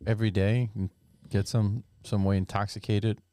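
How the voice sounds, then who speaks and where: A man's voice: fairly low pitch, flat delivery, normal speed, mellow, dry recording. A man chatting bluntly on a podcast, laughing easily. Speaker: podcast co-host. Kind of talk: casual podcast chat.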